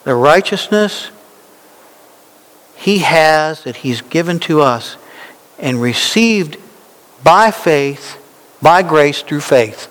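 A male pastor preaching a sermon, slow and emphatic, climbing into animated, insistent peaks when he drives a point home. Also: fairly high pitch. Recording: reverberant hall.

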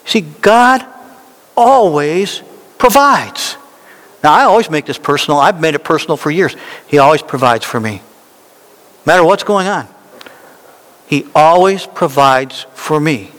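A male pastor preaching a sermon, slow and emphatic, climbing into animated, insistent peaks when he drives a point home. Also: on the high side. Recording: reverberant hall.

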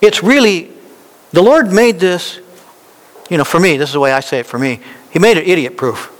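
A male pastor preaching a sermon, slow and emphatic, climbing into animated, insistent peaks when he drives a point home. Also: high-pitched. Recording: reverberant hall.

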